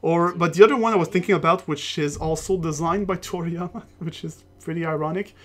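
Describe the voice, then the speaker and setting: A man's voice: fairly high pitch, a little fast. A man casually commenting while playing a video game, rambling, swearing and laughing often. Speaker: let's play host.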